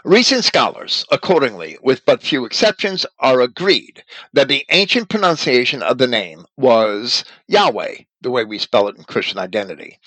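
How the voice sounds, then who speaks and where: A man's voice: mid-range voice, expressive, normal speed, fairly bright tone, dry recording, poor audio. A man reading an article aloud and commenting on it as a religious teacher, spelling out names letter by letter.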